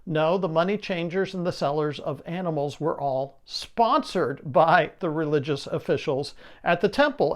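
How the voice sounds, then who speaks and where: Higher-voiced man preaching a lively sermon. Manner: lively expository preaching with rhetorical questions.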